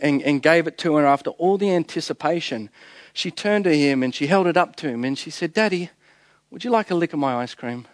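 Joking Australian preacher, slightly high voice. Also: male voice, no echo, clean studio sound. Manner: storytelling with humor, chuckling at his own jokes, rhetorical questions. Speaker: pastor. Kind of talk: sermon.

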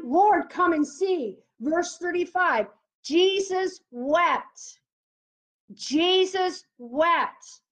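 A woman preaching on prayer, reading scripture aloud and commenting on it fervently. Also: very high-pitched. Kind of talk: teaching on prayer. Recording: dull lo-fi recording.

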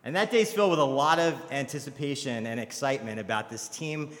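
Bright-voiced young pastor in a reverberant church. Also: male voice, medium pitch, a little fast. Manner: conversational storytelling, animated when quoting others. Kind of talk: sermon.

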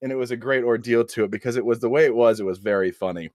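A man's voice: mid-range voice, very fast, a little mellow, dry recording, studio quality. A man co-hosting a podcast, telling a rambling, self-mocking story in casual chat, swearing and laughing at himself. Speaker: podcast co-host.

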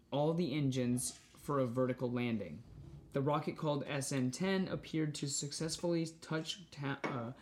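A man at an ordinary middle pitch, reading a news article aloud on a casual podcast. He stumbles and restarts now and then. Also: slight background noise. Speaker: podcast co-host.

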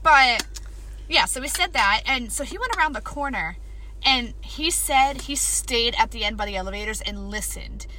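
A woman's voice: a little high, moderate pace, a little hiss or hum. A woman co-hosting a casual chat show, telling stories with lots of swearing and laughter. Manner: swearing, animated storytelling, frequent laughs. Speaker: podcast co-host.

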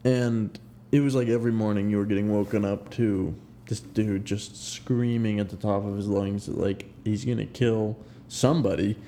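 A man's voice: on the low side, steady tone, normal speed, dark tone, slight background noise. Laid-back young man telling a story. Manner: laid-back, rambling, laughs through his stories. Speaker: podcast co-host. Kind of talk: casual storytelling chat.

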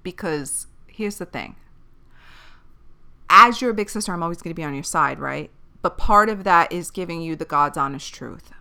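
A woman's voice: lowish voice, expressive, normal speed, creaky, pushed and bright, clean tone. A young woman hosting a podcast, talking casually and candidly like a big sister, rambling, correcting herself and swearing freely. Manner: chatty, rambling, self-correcting. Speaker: podcast host. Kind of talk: casual advice chat.

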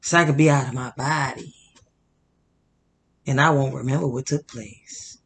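Addressing his audience as "y'all," a male Christian commentary host delivers indignant, preachy commentary with fired-up energy and emphatic repetition. His mid-range voice has fairly even intonation, vocal fry and a fairly bright tone at normal speed, with a little hiss or hum behind it.

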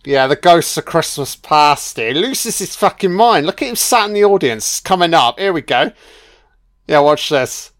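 A man's voice: fairly high pitch, animated, moderate pace, fairly bright tone, dry recording, clean studio sound. A man giving a casual, laid-back film commentary, swearing freely and often adding "you know".

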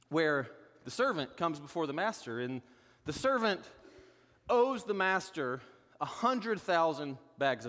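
A man's voice: sits high, fairly bright tone, big-room sound. A man pastor preaching a sermon in a conversational way, with joking asides.

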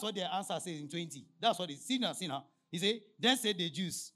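A man preaching a sermon as pastor, prompting the congregation to finish his lines and reading scripture slowly and emphatically. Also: sits high, lively intonation, pushed and bright. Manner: call-and-response, prompting the congregation with "what?".

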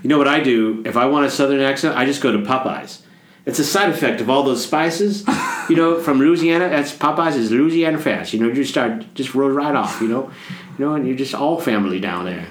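Joking priest hosting a casual chat. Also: male voice, mid-range voice, a little fast, roomy sound. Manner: joking, playful, rambling. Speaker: priest and podcast co-host.

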